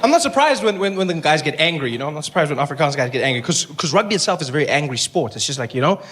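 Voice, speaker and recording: On a comedy stage before a live audience, a high-voiced male South African stand-up comedian races through his set. He's animated, jumping into voices and tossing in laughing asides.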